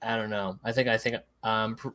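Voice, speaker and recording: A man's voice: on the low side, fairly even intonation, a little fast, pushed and bright. A man co-hosting a casual podcast chat, rambling and correcting his own slips with a laugh. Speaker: podcast co-host.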